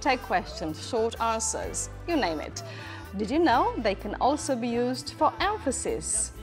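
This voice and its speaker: A female magazine-show host links between segments in a friendly, upbeat way. Her pitch is fairly high and moves a lot, and music plays clearly behind her. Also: big pitch swings, unhurried. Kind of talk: casual interview and links.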